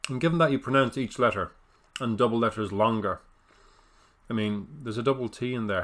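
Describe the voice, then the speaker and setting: A man's voice: medium pitch, fairly quick, a bit bright. A man casually commenting on a football management game, rambling and self-correcting with wry understatement. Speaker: gaming video host.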